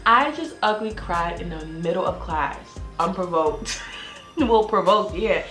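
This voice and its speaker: A woman's voice: fairly low pitch, animated, unhurried, sharp tone. A young woman from Brooklyn tells a casual storytime, blunt and swearing freely. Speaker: vlogger. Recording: roomy sound with faint music.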